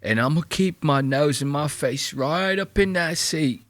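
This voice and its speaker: A man's voice: on the high side, unhurried, a bit bright, no echo. A man doing a smug train fan saying "mate". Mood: mock-earnest. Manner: smug, dropping "mate" at the end of lines. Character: mocking impression of an eager young male train fan.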